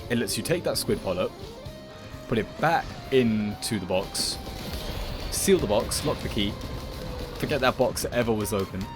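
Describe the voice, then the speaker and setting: A man's voice: lowish voice, animated, moderate pace, pauses often. A man giving playful commentary over his video game play, rambling and jokingly dramatic. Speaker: gaming video creator. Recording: voice over loud game music.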